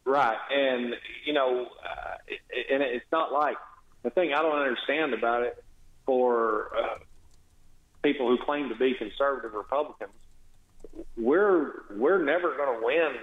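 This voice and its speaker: A man with a medium-pitched voice and a measured pace, a state legislator, phones in to a radio interview. He's blunt, sarcastic and exasperated, and the line sounds tinny and echoey.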